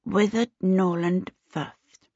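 Brief: woman playing a composed, precocious little boy for a storybook, soft-spoken, lo-fi sound. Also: mid-range voice, steady tone, takes it slowly, slightly rough, no room sound. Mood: cool, matter-of-fact. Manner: polite and composed. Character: calm, oddly grown-up small boy. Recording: dull lo-fi audiobook recording.

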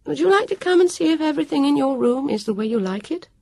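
A woman's voice: high voice, expressive, quick pace, vocal fry, dark tone, dry recording, clean studio sound, voice pushed up. A woman voicing a friendly, firm grown woman who calls people dear, read aloud in an audiobook. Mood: kindly firm. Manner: kindly but firm, says 'dear'.

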